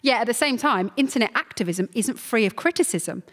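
A woman hosts a comedy show, working through a scripted monologue with dry, teasing timing. Her voice sits a little high. Everything carries the long reverb of a hall. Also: lively intonation, a little fast. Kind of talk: scripted comic monologue before a live audience.

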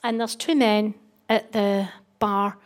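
A middle-aged Scottish woman performs stand-up, telling a story animatedly, acting out the voices of its characters and laughing through her punchlines. Her voice is mid-range and she takes her time.

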